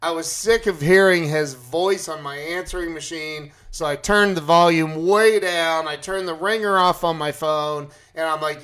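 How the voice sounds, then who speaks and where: A man casually telling a personal story to his live chat, animated and acting out his own panic. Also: fairly high pitch, moderate pace, hardly any pauses.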